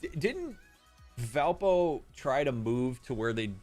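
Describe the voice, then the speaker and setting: A man's voice: mid-range voice, very animated, takes it slowly, a little mellow, soft background music. A man, a therapist chatting casually on a live stream, reading out chat messages and joking with viewers. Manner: joking, reads chat messages aloud and replies.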